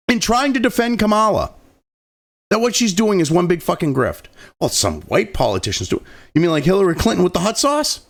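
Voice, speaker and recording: A high-pitched man with a gravelly edge to his voice and wild swings in pitch. He reads news copy aloud, trips over words and restarts, then breaks off into foul-mouthed, mocking rants. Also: very animated, fairly quick. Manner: profane and mocking, with frequent outbursts; stumbles and restarts while reading aloud. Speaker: political commentary host. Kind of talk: ranting commentary over a read-aloud article.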